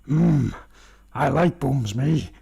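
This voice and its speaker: A lecherous male mango villain for an imagined comedy film, crooning low and slow, as a man puts him on. The voice is dropped well below his usual pitch and dragged out in a sleazy purr. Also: animated, creaky, dark tone, husky, heavily acted. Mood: leering.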